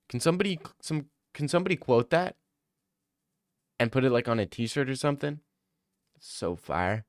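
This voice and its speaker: A man's voice: mid-range voice, expressive, a little fast, fairly bright tone, no echo, clean studio sound. A young man streaming, chatting casually, joking, rambling and swearing freely. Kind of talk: casual live-stream chat.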